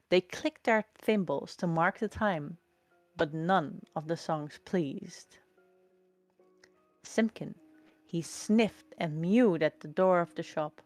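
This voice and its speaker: A woman reading a storybook aloud in a slow, lilting, expressive way. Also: on the low side, dry recording, soft background music.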